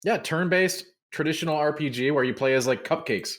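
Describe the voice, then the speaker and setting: A man's voice: on the high side, a little fast. A man co-hosting a casual podcast chat, easygoing and playfully sarcastic. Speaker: podcast co-host.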